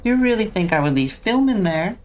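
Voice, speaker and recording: A streamer putting on a slow, unsettling voice for a sinister male game master while reading game dialogue aloud. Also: medium pitch, very animated, voice pushed up, lightly acted. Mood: menacing. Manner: slow, theatrical, unsettling delivery.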